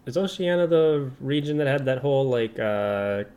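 A man's voice: medium pitch, animated, normal speed, a little mellow. A man in a casual esports chat, asking unsure questions.

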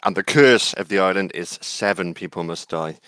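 A man hosting a casual online group chat, introducing topics in a relaxed, drifting way. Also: deep voice, normal speed, dry recording. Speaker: podcast host.

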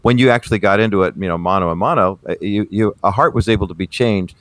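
A man hosting talk radio, speaking in an affirming, relaxed way in a roundtable chat. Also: fairly low pitch, fast, no room sound. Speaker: radio talk show host. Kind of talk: roundtable podcast discussion.

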